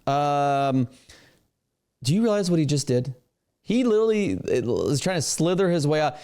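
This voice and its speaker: A man hosting a reaction video in casual, animated commentary, often talking to his producer. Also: a little high, normal speed, smooth.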